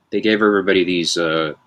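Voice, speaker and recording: Host, male, 50s, very deep voice, rambling self-deprecating storyteller. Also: steady tone, moderate pace, fairly bright tone. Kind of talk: casual anecdote-telling chat.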